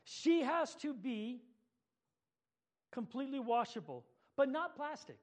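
A man's voice: extremely high pitch, very animated, a little slow, heavily acted. A man reading aloud as the Lord, an eager, proud creator, in an earnest storybook manner.

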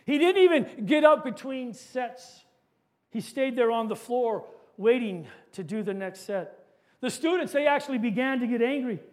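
Male preacher, very high voice, dramatic sermon storyteller. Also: animated, normal speed.

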